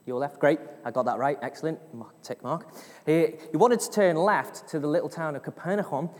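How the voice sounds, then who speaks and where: A man's voice: on the high side, brisk. A man preaching a sermon to a congregation, telling a story with acted-out voices and frequent laughs. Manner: lively storyteller, acts out voices, laughs often. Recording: long reverb of a hall.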